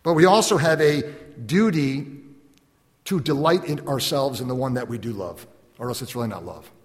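A man preaching a sermon as a pastor, animated, acting out little dialogues and laughing often. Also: medium pitch, normal speed. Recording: long hall reverb.

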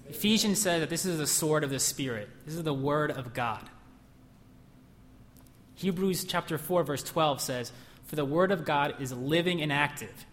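A man's voice: medium pitch, fairly bright tone, slight background noise. A man preaching a sermon in a church, emphatic, asking the room questions and acting out whispered lies. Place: church hall. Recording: long hall reverb.

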